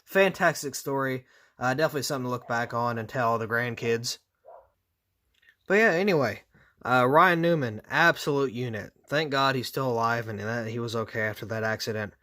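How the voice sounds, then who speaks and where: A man's voice: medium pitch, normal speed, bright, forceful tone. A man reviewing model cars in a casual, rambling way, tired with his voice going out, dropping sarcastic asides. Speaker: diecast reviewer.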